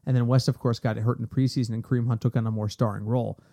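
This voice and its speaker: A man hosting a sports podcast in casual chat, animated and ranting in quick bursts. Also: mid-range voice, creaky. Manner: animated, talks fast in bursts and rants.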